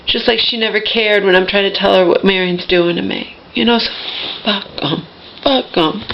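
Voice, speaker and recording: Upset woman venting, gravelly voice. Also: medium pitch, expressive, normal speed, highs cut off. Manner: agitated, venting, many restarts. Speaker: vlogger. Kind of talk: emotional personal monologue.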